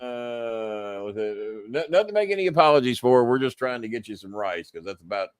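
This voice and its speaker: A man's voice: mid-range voice, expressive, fairly quick, smooth, no echo. A man hosting a casual live stream, cursing freely and laughing as he reads messages aloud. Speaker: host.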